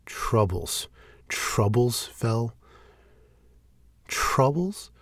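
A man's voice: mid-range voice, lively intonation, moderate pace, fairly bright tone, breathy edge, no echo, clean studio sound, pitched above the performer's own voice, heavily acted. A man voicing an agitated, defiant male priest who argues heatedly and slips into raised whispers. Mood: heated defiance.

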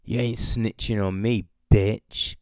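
A man's voice: on the low side, steady tone, slow pace, darkish tone, no room sound, studio quality, pitched below the performer's own voice. A man with a British accent voicing a hostile, cocky male soldier who swears and taunts. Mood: taunting.

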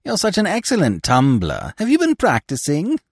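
A man voices a teasing, jeering male clown actor in an exaggerated, mocking tone, pitched above his own natural voice. His fairly high voice swoops wildly in pitch at a moderate pace. The recording is clean studio sound with no room ambience.

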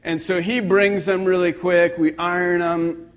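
A man's voice: sits high, level tone, measured pace. Chatty young male pastor preaching. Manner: conversational, self-deprecating storytelling. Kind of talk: sermon.

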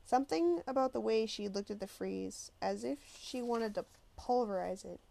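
A woman's voice: fairly high pitch, normal speed, vocal fry, warm tone. Woman telling a story expressively. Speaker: audiobook narrator. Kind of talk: scripted first-person narration.

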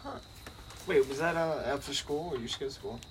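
A man, chatting casually on a podcast and asking quick, relaxed questions. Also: mid-range voice. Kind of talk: casual chat. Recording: noticeable background noise.

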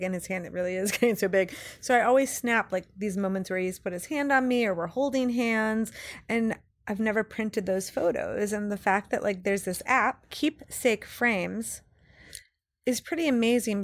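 A woman's voice: mid-range voice, dry recording. Upbeat woman podcast co-host. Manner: upbeat, laughs easily. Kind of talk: casual podcast chat.

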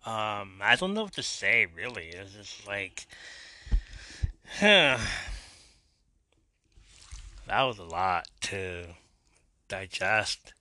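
A man hosting his own podcast in casual solo chat, excitable and self-mocking, his voice jumping up when amused. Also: fairly low pitch, unhurried, no echo. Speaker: podcast host.

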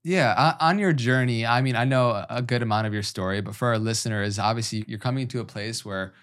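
A man's voice: mid-range voice, quick pace, a bit bright. A man hosting a podcast, asking long, rambling questions in a casual way. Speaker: podcast host.

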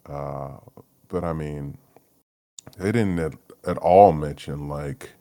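Podcast host, male, extremely low voice, low-energy profane solo rambler. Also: slow pace, vocal fry, mellow. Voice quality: profane, rambling, laughs often. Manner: low-energy, mumbling, trailing off. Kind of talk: solo casual rant.

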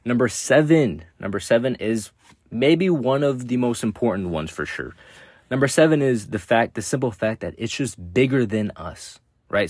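A man's voice: mid-range voice, husky, no echo, clean studio sound. A young man hosting a podcast, giving a blunt, profane motivational talk that keeps repeating its points. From United States. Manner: blunt, heavy swearing, repeats himself. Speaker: podcast host. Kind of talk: casual motivational monologue.

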